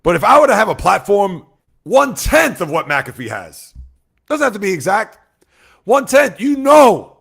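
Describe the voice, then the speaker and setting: Male sports livestream host, slightly high and gravelly, animated, chats with viewers and jumps from loud bursts to low asides. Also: moderate pace. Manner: animated, swings from loud outbursts to quiet asides; talks straight to chat, reads out viewer comments. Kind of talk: casual livestream chat with viewers.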